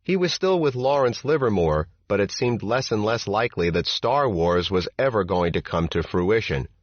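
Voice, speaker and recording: A low-voiced man reads a first-person memoir as an audiobook in a measured, steady way. The recording is dry, with no room sound, and slightly dull and muffled. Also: no room sound. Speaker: audiobook narrator. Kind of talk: scripted first-person narration.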